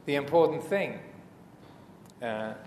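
A man teaching as a Buddhist monk in a dharma talk, speaking hesitantly with many fillers and restarts and gentle humor. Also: mid-range voice, expressive, slow. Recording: echoey hall, faint room noise.

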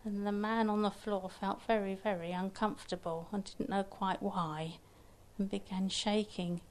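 A woman storyteller telling a folktale aloud in an unhurried, gentle way with small restarts. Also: mid-range voice, steady tone.

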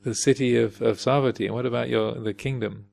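A man voicing the Buddha as a calm male teacher, speaking slowly and patiently with questions. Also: medium pitch, creaky.

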